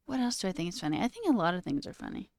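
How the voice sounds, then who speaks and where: A woman's voice: mid-range voice, big pitch swings, racing, darkish tone, dry recording. A young woman hosting a livestream in casual chat, talking freely with frequent laughs and plenty of "okay" and "all right". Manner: chatty, laughs often, says okay and all right a lot. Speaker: livestream host.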